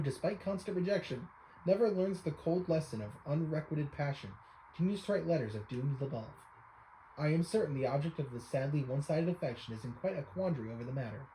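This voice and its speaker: A man's voice: a little high, mellow, reverberant, slight background noise, natural voice, low-quality recording. Man reading a formal old pictograph buff. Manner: old-fashioned formal speech, addresses listener as young sir. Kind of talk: reading game dialogue aloud.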